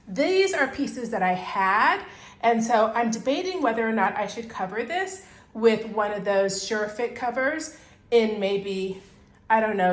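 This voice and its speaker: Chatty, excitable woman vlogging at home. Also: medium pitch, reverberant. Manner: chatty, excitable, rambling with laughs. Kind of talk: casual vlog chat. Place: at home indoors.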